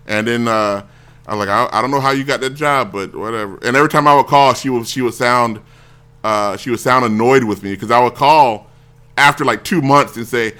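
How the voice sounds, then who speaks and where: A man's voice: mid-range voice, a little fast, bright, forceful tone. A man hosting a talk show, telling a rambling story casually and acting out the people he quotes. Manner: rambling, self-interrupting, acts out quoted voices. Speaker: show host.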